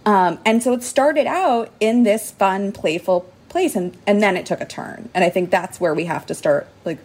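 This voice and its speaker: A woman appearing as a legal expert guest on a podcast, explaining things in a measured way. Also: mid-range voice, darkish tone. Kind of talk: podcast discussion.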